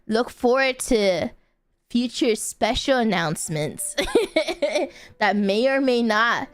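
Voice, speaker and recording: A woman's voice: on the high side, expressive, slow pace. A woman streamer chatting casually, telling a story in a rambling way with lots of fillers and bursts of laughter. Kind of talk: casual chat.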